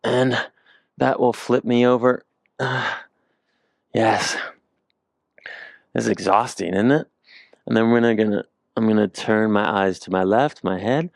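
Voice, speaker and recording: A male movement instructor guiding slow floor exercises, cracking self-mocking jokes between cues. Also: lowish voice, creaky, no room sound. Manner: joking, self-mocking asides while demonstrating. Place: indoors on the floor. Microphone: handheld or clip mic he keeps moving.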